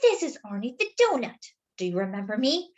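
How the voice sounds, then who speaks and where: A woman voicing a fussy, dramatic little male doughnut that talks in a prim, indignant way. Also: big pitch swings. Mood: sweetly sly. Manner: prim, indignant, high and slow. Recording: dull lo-fi sound.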